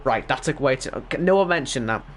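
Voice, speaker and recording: A man's voice: medium pitch, animated, quick pace, slight background noise. Rambling Northern Irish man commentating a race. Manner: rambling and self-deprecating, reading chat messages. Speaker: race league stream commentator. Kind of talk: casual live stream commentary.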